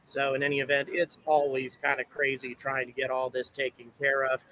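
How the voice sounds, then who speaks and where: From an outdoor launch site viewpoint, a livestream host chats and rambles, thanking viewers and naming where they're watching from. His medium-pitched voice is fairly quick, bright, and forceful yet completely flat, heard on a rough recording from his handheld camera mic with slight background noise.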